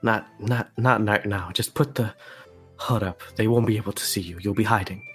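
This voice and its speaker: Lower-voiced man playing a tabletop game. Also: fairly even intonation, normal speed, fairly bright tone, soft background music. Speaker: player. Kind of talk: casual tabletop role-play.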